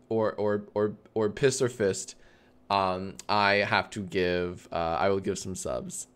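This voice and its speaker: A man's voice: on the low side, fairly even intonation, slow, a bit bright, smooth. Laughing, swearing male streamer. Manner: swears freely, breaks into laughter, rambling restarts. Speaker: livestream host. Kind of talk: casual live-stream chat, reading chat aloud.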